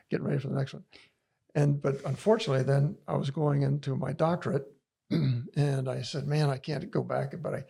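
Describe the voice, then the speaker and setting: A man's voice: a little high, creaky, mellow, slightly rough. An older man as a podcast guest, telling a long, rambling story in casual conversation, full of restarts and laughs.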